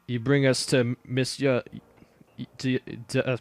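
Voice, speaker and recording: A man voicing a gruff male mob henchman with a mock Chicago gangster accent, talking tough and drawn out. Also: medium pitch, little pitch movement, soft background music, natural voice. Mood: threatening, bargaining. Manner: tough-guy gangster talk, slow and drawn out.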